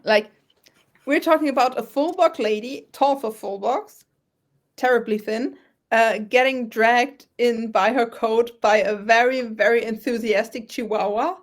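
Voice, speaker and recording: Lady gm narrating a tabletop game, kinda high voice, rambly and halting. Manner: chatty, halting descriptions. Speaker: game master.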